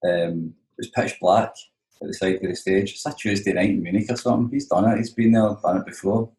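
A man's voice: deep voice, fairly even intonation, fairly quick, a little mellow. A Scottish man, a touring musician, telling stories in casual, rambling, sweary chat, often saying "you know what I mean". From Scotland. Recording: roomy echo.

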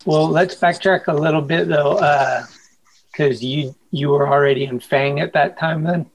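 A man's voice: fairly high pitch, fairly even intonation, normal speed, a little hiss or hum, rough recording. A man interviewing a guest, cutting in with short questions. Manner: brief prompting questions. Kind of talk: casual interview.

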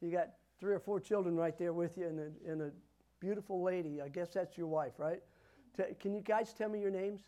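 A man's voice: sits high, brisk. Fervent man giving prophetic prayer. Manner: fervent, builds to loud emphatic declarations. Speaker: prophetic minister.

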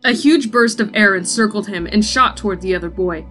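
A woman's voice: medium pitch, fairly quick, a bit bright, soft background music. Woman reading fan fiction aloud, amused. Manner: amused, laughs often, stumbles on lines. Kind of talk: comic read-aloud with banter.

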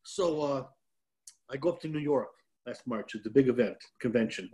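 As a talk show guest, this older Detroit man who used to wrestle professionally spins a meandering, self-mocking yarn. He speaks at a normal speed with a medium pitch and a somewhat dark tone.

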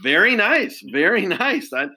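A man runs a casual quiz between two players. His voice is bright and a touch high. He praises the answers in an upbeat way, with plenty of chatty fillers. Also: big pitch swings, measured pace, husky, low-quality recording. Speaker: quiz host.

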